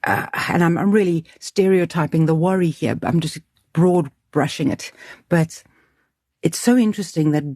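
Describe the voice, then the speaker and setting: A woman's voice: fairly low pitch, normal speed, warm tone, dry recording, clean studio sound. A woman who runs a school, speaking earnestly and emphatically in an interview, thinking aloud with restarts. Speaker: school leader. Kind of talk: reflective interview talk.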